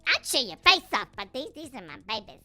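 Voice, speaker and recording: A woman's voice: high voice, very animated, brisk, pushed and bright, faint music behind, heavily acted. A woman voicing a doting mother cheetah. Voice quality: cooing and sing-song. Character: doting mother cheetah, fierce but tender.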